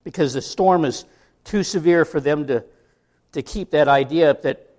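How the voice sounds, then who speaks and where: A middle-aged American pastor preaches conversationally, tossing in asides and rhetorical questions for the congregation. His voice is a little high and darkish in tone, at a moderate pace.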